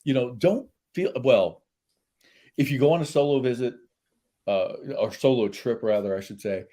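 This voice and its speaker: A man guest in a casual interview, telling lively anecdotes and laughing often. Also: medium pitch, normal speed. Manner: animated storyteller, laughs often.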